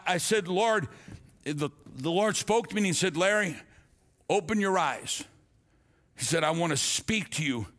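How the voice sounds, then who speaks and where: Older man preaching a lively story sermon. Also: high voice. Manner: animated storyteller acting out dialogue, stammers and restarts. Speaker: pastor.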